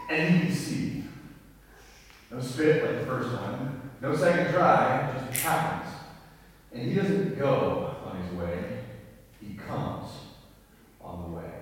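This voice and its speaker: Pastor preaching in an echoey hall. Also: male voice, medium pitch. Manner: animated storytelling, acting out quoted voices. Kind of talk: sermon. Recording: echoey hall, heard from a distance.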